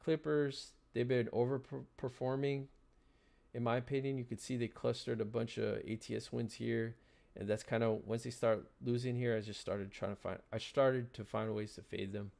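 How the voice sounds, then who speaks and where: A man hosting a sports betting stream in loose, casual chat. His voice has a gravelly, creaky edge at a middling pitch. He stammers and repeats words often as he works through his picks. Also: level tone, moderate pace, a little mellow.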